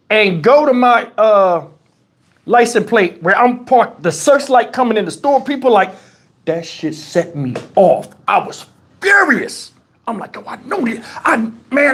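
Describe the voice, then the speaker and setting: A man hosting a livestream, telling a story in casual, profane chat and acting out the dialogue as he goes. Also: sits high. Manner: animated, profane, acts out quoted dialogue. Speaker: livestream host. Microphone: wireless lavalier.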